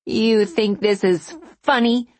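A woman's voice: sits high, very animated, slow, slightly rough, no echo, voice pushed up, full character voice. A woman narrator voicing a furious, jealous middle-aged blonde woman who shrieks and sneers insults. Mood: shrieking, enraged.

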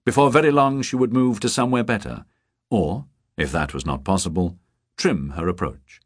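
A man narrating a novel as an audiobook, measured and expressive. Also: on the low side, husky, no room sound, studio quality. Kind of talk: scripted narration.

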